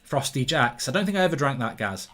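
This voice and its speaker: A man's voice: medium pitch, lively intonation, quick pace, fairly bright tone. A man hosting a live football watchalong, rambling casually as he reads viewer comments aloud. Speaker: host. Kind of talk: live match watchalong chat.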